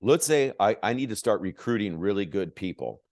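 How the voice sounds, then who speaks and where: Lively low-voiced motivational coach. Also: male voice, a little fast, no room sound, studio quality. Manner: animated, acts out both sides of dialogues. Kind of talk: motivational talk.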